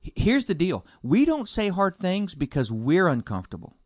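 A man, a pastor, telling stories in an animated, expressive way in a casual conversation. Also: high voice, normal speed, dry recording, studio quality.

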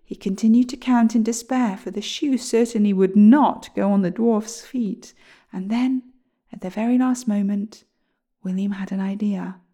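A woman reading a children's story aloud, speaking gently and softly, often slipping into a whisper. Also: mid-range voice, moderate pace.

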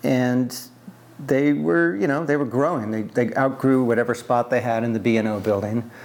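Brief: man from the US East Coast, mid-pitched, rambling storyteller in an oral history interview. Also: normal speed, gravelly, darkish tone. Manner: rambling, conversational, many fillers and restarts.

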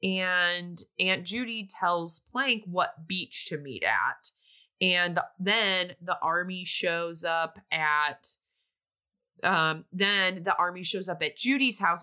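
A woman's voice: lowish voice, takes it slowly, bright, forceful tone. A woman casually recapping a movie plot in a chatty way, sometimes briefly acting out the characters' lines.

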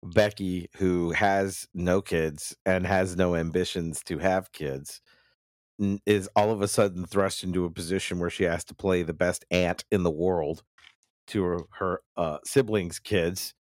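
Low-voiced man hosting casual chat. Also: fairly even intonation, a little slow, no echo, studio quality. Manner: loose, profane, leads the story.

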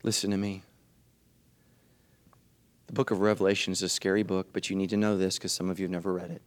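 A male pastor delivering a sermon in church, swinging from hushed, low lines to high, shouted ones with urgent repeated refrains. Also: little pitch movement, quick pace, no room sound.

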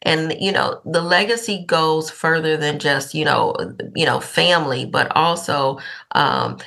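A woman's voice: low voice, measured pace, vocal fry, fairly bright tone. A woman hosting a podcast interview, asking probing and teasing questions. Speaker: podcast host. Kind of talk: casual interview.

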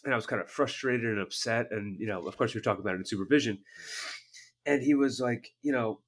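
A man who works as a therapist, chatting casually with frequent restarts and repeated words. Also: medium pitch. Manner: halting, many restarts and fillers. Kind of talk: casual conversation.

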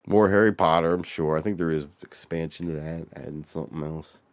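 A man's voice: extremely low pitch, steady tone, fairly quick, dry recording, clean studio sound. A man co-hosting a casual podcast, talking loosely with plenty of swearing, trailing off and restarting his sentences. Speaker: podcast co-host. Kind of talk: casual chat.

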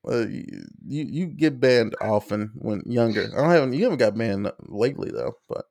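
A man hosting a podcast in casual chat. His voice swings widely in pitch as he tells crude, laughing stories. The sound is dry and close. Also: moderate pace, gravelly, no room sound. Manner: crude, laughing, animated storytelling. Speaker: podcast host.

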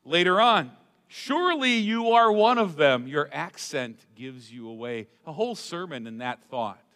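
A male pastor preaching a sermon, dramatic, swinging between loud emphatic lines and hushed asides. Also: fairly high pitch, big pitch swings, a little slow. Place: church sanctuary. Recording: long hall reverb.

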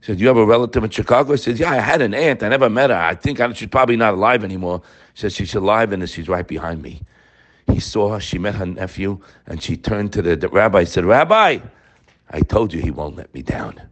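A man in his sixties giving an inspirational Torah talk, telling stories with swings between quiet and emphatic moments. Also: fairly low pitch, quick pace. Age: 60s. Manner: animated storyteller, swinging from quiet to loud. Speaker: Torah teacher.

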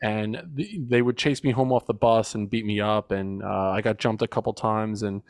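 A man's voice: lowish voice, fairly even intonation, moderate pace, no room sound. A man in his forties, a men's coach and podcast guest, telling a personal story in an earnest, reflective way. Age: 40s. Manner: earnest and reflective, with emphatic retelling.

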